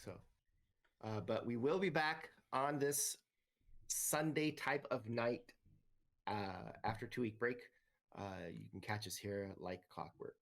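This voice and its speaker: A man running a tabletop game as game master, talking in a relaxed way with many ums and uhs. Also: mid-range voice, takes it slowly.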